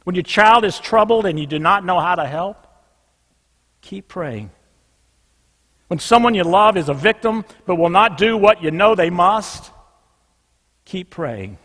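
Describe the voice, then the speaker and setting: A man preaching a sermon as pastor, emphatic, dropping soft and low on a repeated refrain. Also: normal speed, hardly any pauses. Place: church sanctuary. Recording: long reverb in a large church.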